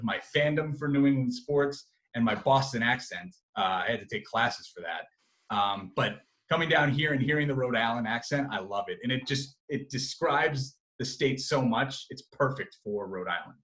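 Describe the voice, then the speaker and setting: Chatty young man, lively and rambling. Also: mid-range voice, normal speed, low-quality recording. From Massachusetts. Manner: animated, many fillers and restarts. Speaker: sports reporter, guest. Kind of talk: casual interview chat.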